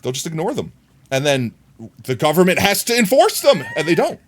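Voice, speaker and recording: Animated male game streamer. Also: on the high side, a little fast, slight background noise. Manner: animated, ranting, jokey asides to chat. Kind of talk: live gameplay commentary.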